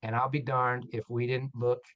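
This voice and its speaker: With a medium pitch and moderate pace, a male orthopedic surgeon animatedly tells stories on a panel, acting out quoted dialogue. He comes across as candid and self-deprecating, though the audio is dull.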